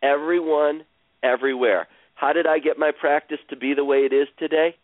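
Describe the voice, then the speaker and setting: A man guiding a caller through an emotional healing session, speaking slowly and soothingly and repeating phrases. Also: fairly high pitch, steady tone, dry recording. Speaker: healer guiding a caller on a radio show. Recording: dry, tinny phone-like radio sound.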